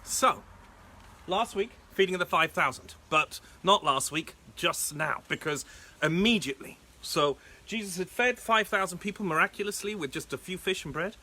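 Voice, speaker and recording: Playful pastor guy telling a bible story, lots of laughs, super lively pitch. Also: normal speed, a little hiss or hum. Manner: animated, playful, laughing often.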